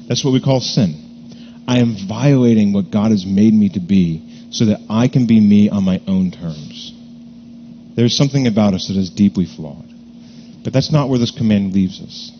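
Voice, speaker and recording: A man preaching a sermon, earnest and deliberate, repeating key words to stress them. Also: fairly low pitch, dark tone, in a large hall, lo-fi sound, slight background noise. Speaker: pastor.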